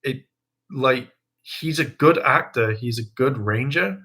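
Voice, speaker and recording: Young male streamer with a bright, forward tone and a middling pitch; casual, rambling delivery full of fillers, with jumps into mocking voices. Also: slow pace, husky. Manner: hesitant, many ums and restarts, jumps into high mocking voices when quoting. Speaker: livestream host. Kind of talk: casual rambling livestream chat.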